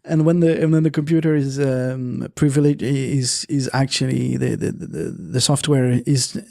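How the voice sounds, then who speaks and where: A man's voice: medium pitch, steady tone, normal speed, vocal fry, warm tone. A man hosting a podcast in casual chat, speaking hesitantly with many filler sounds and restarts. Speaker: podcast host and editor.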